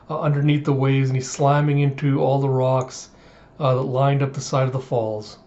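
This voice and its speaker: A man's voice: mid-range voice, flat delivery, moderate pace, warm tone. A man casually recapping a comic chapter as a reviewer. He swears now and then and makes sound effects. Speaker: manga reviewer. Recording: dull lo-fi audio.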